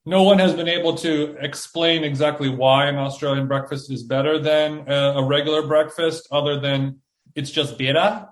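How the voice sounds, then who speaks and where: A man hosting a podcast in a playful, teasing way. His voice sits a little higher than most men's. The recording is roomy, with the room audible around him. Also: fairly even intonation, moderate pace. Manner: joking, playful. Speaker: podcast host. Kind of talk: casual podcast chat.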